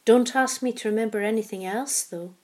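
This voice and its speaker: A woman's voice: on the high side, a little fast, natural voice. A woman voicing an elderly, forgetful woman in a storybook reading, cheerful and easily alarmed. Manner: bright, excitable, rising to cries.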